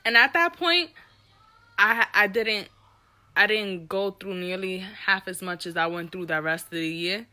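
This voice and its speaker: Bright-voiced woman telling a candid story. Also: mid-range voice, unhurried. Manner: animated, profane, reenacts dialogue. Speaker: guest telling a personal story.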